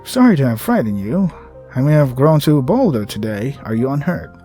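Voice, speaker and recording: A weary, tender old creature with many spindly limbs speaks softly and soothingly, as a man voices it. The tone stays mellow and warm. Faint music plays behind it. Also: medium pitch, very animated, natural voice. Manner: slow, soft and soothing. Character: ancient gentle spider-like creature, tender and weary.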